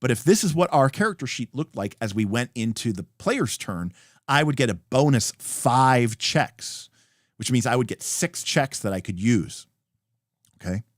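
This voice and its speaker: A man's voice: medium pitch, moderate pace, no room sound, studio quality. A man hosting a livestream, casually explaining tabletop game rules and acting out examples, with many fillers. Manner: animated, acts out example dialogue, many fillers.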